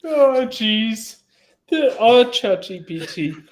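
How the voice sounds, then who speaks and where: A man's voice: very high voice, very animated, background noise. A man co-hosting a live show, bantering with jokes and frequent laughter. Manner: jokey, quick to laugh. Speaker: co-host. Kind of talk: casual chat.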